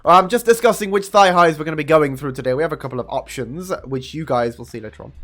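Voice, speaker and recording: A young man in his twenties, chatting casually with viewers on a live stream in a room at home. He talks into a desk microphone and swears a lot. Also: fast. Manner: chatty and profane, with sudden high excited jumps. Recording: faint music under the voice. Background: faint music.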